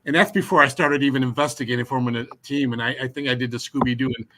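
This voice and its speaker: A man, a paranormal investigator telling his experiences in a casual podcast chat, animated with frequent restarts. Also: mid-range voice, very fast, slight background noise.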